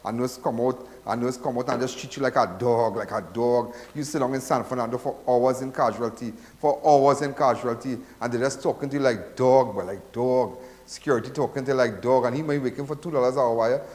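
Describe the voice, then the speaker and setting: A man's voice: medium pitch, fairly even intonation, fairly quick, few pauses, a little mellow, big-room sound. Rambling Trinidadian man hosting call-in show. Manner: rambling, repetitive, preachy. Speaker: call-in crime show host. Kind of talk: live call-in radio talk.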